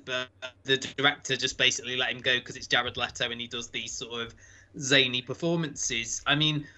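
Bright-voiced man hosting a podcast. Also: mid-range voice, normal speed. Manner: chatty, rambling, with self-corrections. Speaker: podcast host. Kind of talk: casual review chat.

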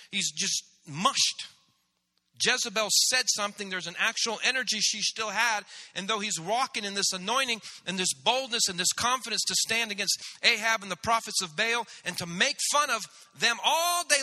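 A man pastor preaching a sermon, animated, acting out the voices of biblical figures. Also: high voice. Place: church sanctuary. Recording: church hall reverb.

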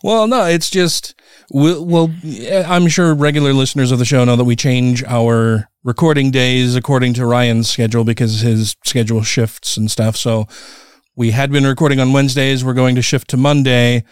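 A man's voice: mid-range voice, fairly even intonation, moderate pace, clear, resonant tone, no room sound, studio quality. A middle-aged man hosting a podcast, chatting casually with a laid-back, swearing manner and frequent laughs. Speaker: podcast host.

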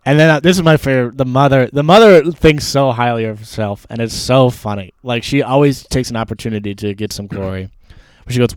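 An animated man chatting about a book, laughing a lot and acting out lines. His voice sits mid-range and sounds dry and close. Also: medium pitch, a little fast, hardly any pauses, clear, resonant tone, no room sound. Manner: animated, laughs often, acts out quotes. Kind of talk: casual book chat.

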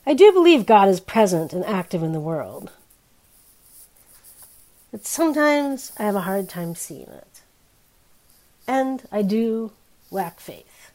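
A woman in her fifties preaching a sermon in a candid, wry, conversational way, her pitch and loudness swinging widely. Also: very animated, slow pace, pauses often.

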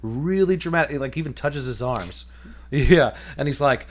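A man's voice: medium pitch, expressive, normal speed. Laid-back man recapping a movie. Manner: laughing, swearing, loose recapping with many fillers. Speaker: podcast co-host. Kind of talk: casual movie recap chat.

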